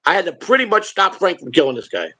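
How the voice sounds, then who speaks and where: A streamer and show host, this man tells rambling, blunt, profane stories on his live stream. His voice is high-pitched and sharp, moving fast with big swings in pitch.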